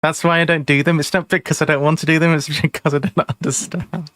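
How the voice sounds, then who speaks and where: A man's voice: on the high side, flat delivery, quick pace, fairly bright tone, no echo, studio quality. A man streaming a board game live, chatting casually, rambling and laughing at his own mistakes. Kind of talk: casual live-stream chat while playing.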